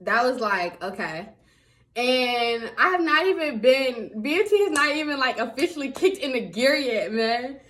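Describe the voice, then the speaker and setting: A young woman tells a story straight to her viewers in a chatty vlog, high-pitched and swinging all over her range. She laughs often and keeps calling them y'all. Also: animated, moderate pace, fairly bright tone. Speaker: vlogger.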